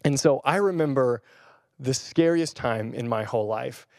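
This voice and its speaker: A young male pastor preaching in a loose, conversational way, with lots of fillers and restarts. His voice sits at an ordinary middle pitch. It is recorded close and dry, with no room echo. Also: moderate pace, darkish tone. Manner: chatty, rambling with fillers and restarts. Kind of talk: casual sermon with personal story. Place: church or room filmed on camera.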